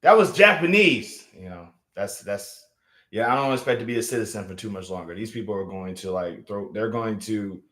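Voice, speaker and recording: A man's voice: lowish voice, animated, moderate pace, a bit bright. A man chatting casually on a live stream, rambling with many fillers and restarts. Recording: roomy echo.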